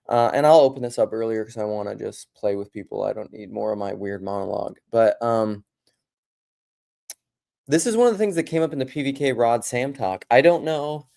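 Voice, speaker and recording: A man's voice: medium pitch, a little mellow. A man talking casually from home on a live stream, rambling and joking between serious points. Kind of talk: casual livestream monologue.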